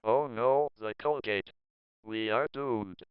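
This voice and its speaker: A man voicing a calm, know-it-all male scientist in a fan animation, delivering doom flatly. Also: medium pitch, takes it slowly, smooth, dry recording, dull audio, voice pushed down, natural voice. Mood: deadpan. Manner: flat, matter-of-fact doom.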